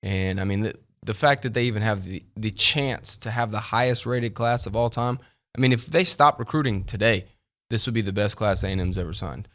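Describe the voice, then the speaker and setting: A man's voice: on the low side, fairly quick, fairly bright tone. A man analyzing college football recruiting on a studio radio show, earnest and emphatic. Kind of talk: casual sports radio talk.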